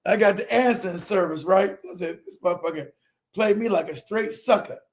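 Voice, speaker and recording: A middle-aged man with a strikingly high voice tells a personal story in a loose, conversational way. He is animated and profane, laughing often and acting out every quote. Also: fairly quick. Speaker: streamer telling a personal story. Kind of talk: casual storytelling.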